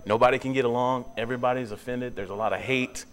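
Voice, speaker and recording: A man's voice: steady tone, fast talker. Earnest man preaching a sermon. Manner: earnest, climbs high and loud when pressing a point. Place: church sanctuary.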